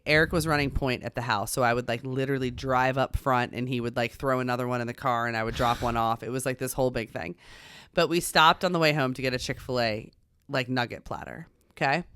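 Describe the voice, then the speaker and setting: A woman in her thirties co-hosting a parenting podcast, telling personal stories in an animated way and acting out the dialogue. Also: very deep voice, clean tone, no room sound. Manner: animated storyteller, acts out dialogue. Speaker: podcast co-host. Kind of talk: casual chat, personal storytelling.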